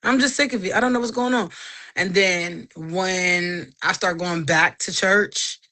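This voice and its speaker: A woman in her thirties telling a personal faith story in casual talk, animated and acting out the voices of people she quotes. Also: lowish voice, unhurried. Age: 30s.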